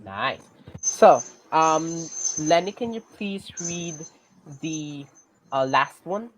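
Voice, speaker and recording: Slow, patient teacher with a Filipino accent. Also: mid-range voice, expressive, a little hiss or hum, poor audio. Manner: patient, checks in with "okay?" often; hesitant, many fillers and restarts. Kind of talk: online class lesson.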